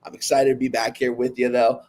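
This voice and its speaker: Young man, guest handicapper, video call, relaxed friendly talk, heartfelt. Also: medium pitch, brisk. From Los Angeles, California. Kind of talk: casual chat over video call.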